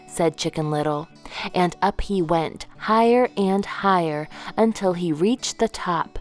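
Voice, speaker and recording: A woman reading a children's picture book aloud, gentle and expressive. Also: lowish voice, measured pace, soft background music. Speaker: children's storyteller. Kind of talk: read-aloud storytime narration.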